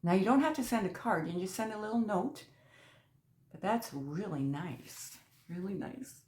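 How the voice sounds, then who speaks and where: A woman hosting a crochet channel, chatting casually as she unboxes mail, gushing and excitable, often dropping to a soft near-whisper. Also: medium pitch, normal speed. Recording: echoey room.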